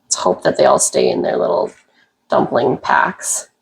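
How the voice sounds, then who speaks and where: A woman's voice: normal speed, noisy background. A woman hosting a casual cooking video, chatting and laughing as she walks through each step. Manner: chatty, giggly, explains steps as she goes. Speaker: cooking vlog host.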